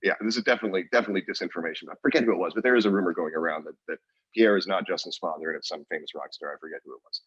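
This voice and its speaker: A man's voice: low voice, racing, fairly bright tone, husky, no echo, highs cut off. A man co-hosting a podcast in casual chat, rambling and restarting his sentences and laughing often. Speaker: podcast co-host.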